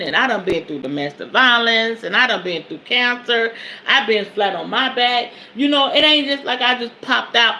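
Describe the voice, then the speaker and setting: This is a woman in her forties with a bright, forceful voice. She hosts a podcast, reading self-help passages aloud and then preaching on them. She is emphatic and colloquial, with faint noise behind her. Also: a little high. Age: 40s. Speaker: podcast host and spiritual advisor.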